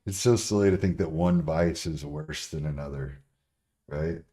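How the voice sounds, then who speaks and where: A man streaming casually as a bodybuilder answering chat, blunt and profane, laughing and getting louder when riled up. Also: a bass voice, moderate pace.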